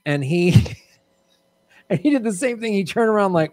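A man's voice: a little high, unhurried, creaky, pauses often, a little mellow, dry recording. A man hosting a comedy quiz show, telling a road-trip story with lots of laughter. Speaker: game show host. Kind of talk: casual comedy podcast chat.

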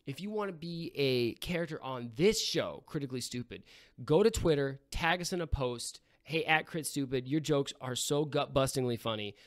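A man's voice: medium pitch, moderate pace, natural voice. A man putting on a brash young fraternity bro reading a comedic sponsor plug, rambling and calling everyone bro. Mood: bro-ish hype. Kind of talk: comedic sponsor read in character.

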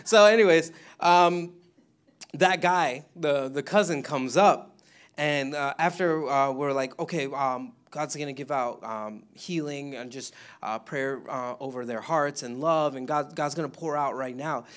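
A man's voice: on the high side, unhurried, clean tone. A man giving a rambling testimony at a church service, laughing often and restarting his sentences. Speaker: mission trip member giving testimony.

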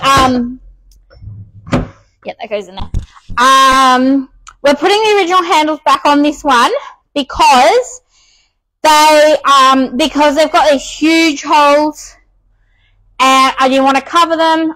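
A woman's voice: sits high, unhurried, pauses often, fairly bright tone, poor audio. A woman with an Australian accent, out of breath, chatting casually with many ums while restoring furniture on a live stream.

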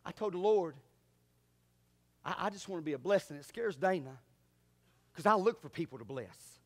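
Animated high-pitched preacher man. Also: normal speed. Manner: animated, swings from quiet asides to loud shouts. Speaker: pastor. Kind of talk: sermon.

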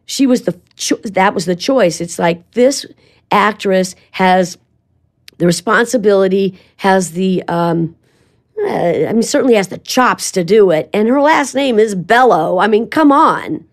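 An older woman talks as an interview guest, spinning anecdotes in a loose, chatty way. She slips into quoted lines as she tells them, and her delivery stays expressive. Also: mid-range voice, a little slow. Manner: animated storytelling with quoted asides. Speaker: guest, voice actress. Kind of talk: casual interview chat.

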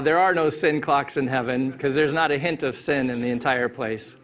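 A middle-aged man preaching an Easter sermon as pastor in a church, relaxed and playful, with big swings in pitch and loudness. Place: church sanctuary. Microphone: handheld mic.

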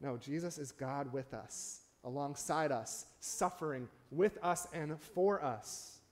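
A man's voice: fairly high pitch, slow pace. A man preaching a sermon in a church, talking conversationally and often checking in with the congregation with asides. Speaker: pastor. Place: church sanctuary.

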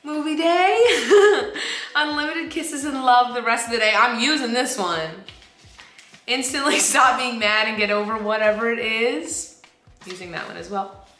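Woman vlogger, bright forceful voice, gushing and excitable, lots of laughter, recorded in a roomy echoey room. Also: fairly high pitch, normal speed. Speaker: vlogger opening birthday gifts. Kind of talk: casual chat to camera.

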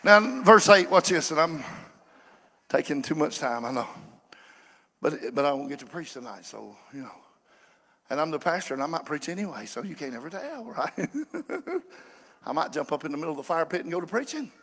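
Man, pastor, high bright voice, echoing church hall. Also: expressive, a little fast, pauses often, husky. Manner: folksy preaching, swinging from quiet asides to shouted fervor. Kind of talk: sermon. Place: church sanctuary.

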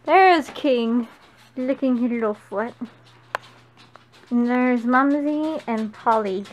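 High-voiced young woman chatting to her camera. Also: takes it slowly, long pauses, faint music behind. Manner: chatty, coos in baby talk to her pets. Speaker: vlogger. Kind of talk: casual handheld vlog chat.

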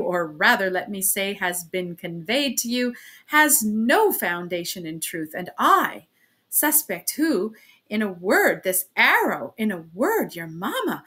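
Woman reading a wordy, offended middle-aged gentleman in an audiobook; stiff and halting. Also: on the high side, heavily acted.

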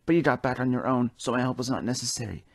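A man's voice: medium pitch, quick pace, husky, no room sound, clean studio sound, voice pushed up. A man voicing a scheming engine in a toy train story who stammers and pleads, now sorry for his deeds. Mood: earnest.

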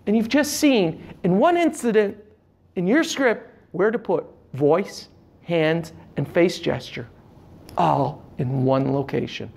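Male presenter coaching public speaking, lively pitch swings, emphatic instructional delivery. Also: unhurried, vocal fry. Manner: animated, emphatic delivery with shifting inflection; demonstrates with hand gestures. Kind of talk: instructional talk to camera.

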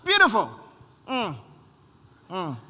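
High-pitched animated preacher. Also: male voice, slow pace, slight background noise. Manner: animated, shouting refrains, acts out quoted voices. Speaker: pastor. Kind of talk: sermon. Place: large church hall. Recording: long hall reverb.

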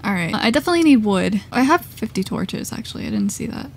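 A woman's voice: mid-range voice, huge pitch swings, quick pace, a little hiss or hum. A woman playing a video game, chatting casually, giggling and thinking aloud, easily startled. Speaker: gamer. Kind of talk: casual let's-play chat.

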